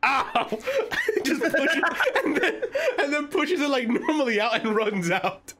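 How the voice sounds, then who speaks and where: A man with a high voice tells a story on a casual podcast. He is animated and laughs through the telling. His pitch swings widely. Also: a little slow, heavy background noise. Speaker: podcast co-host. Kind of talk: casual chat.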